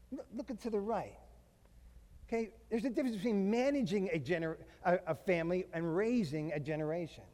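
A middle-aged man delivering a sermon in a large hall, his voice sitting high for a man. He leans hard on key words, drawing them out slowly, and tells funny stories about his own family. A long echo trails after him through the room. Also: darkish tone. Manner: emphatic, slows down to stress key phrases, mixes in humorous family stories. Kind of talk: sermon to fathers.

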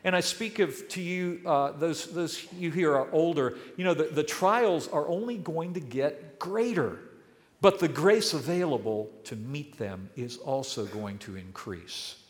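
An older man preaching a sermon as pastor, earnest and emphatic, leaning on key words with pauses. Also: on the high side, lively intonation. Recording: long hall reverb.

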